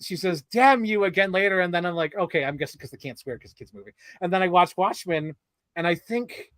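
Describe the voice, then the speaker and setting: Animated man, slightly high, dry sound. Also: brisk, no echo. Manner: animated, laughs often, acts out movie lines. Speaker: podcast co-host. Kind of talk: casual film discussion.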